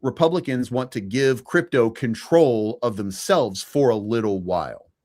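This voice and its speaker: A man's voice: mid-range voice, measured pace, a little mellow. A man co-hosting a live stream, giving his opinions in a casual political debate, with frequent restarts. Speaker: stream co-host.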